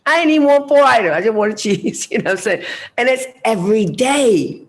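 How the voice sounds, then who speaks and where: An older American woman speaking on a panel, telling a story with emphatic, animated delivery and acting out the dialogue. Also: fairly high pitch, a little fast. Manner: emphatic, animated, acts out dialogue, laughs often.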